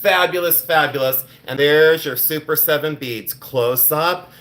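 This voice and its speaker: A middle-aged man hosting a live jewelry sale stream, talking in quick exclamations as he shows each piece. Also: a little high, fairly bright tone. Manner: exclamatory, enthusiastic show-and-tell.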